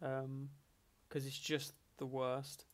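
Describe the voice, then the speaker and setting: A man's voice: mid-range voice, slow. A man chatting casually and jokily as host of a live-stream Q&A. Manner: animated, chatty, jokey banter with chat. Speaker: streamer hosting a Q&A.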